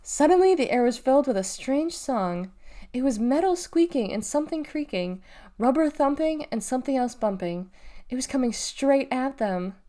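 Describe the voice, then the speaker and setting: Woman reader, lively storytelling, slightly high voice, children's book aloud. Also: moderate pace. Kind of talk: reading a children's novel aloud.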